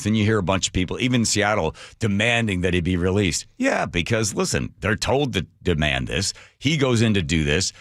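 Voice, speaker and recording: A man's voice: low-pitched, fairly bright tone, no echo. A man hosting a talk radio show, delivering sarcastic commentary full of mocking rhetorical questions into a studio microphone.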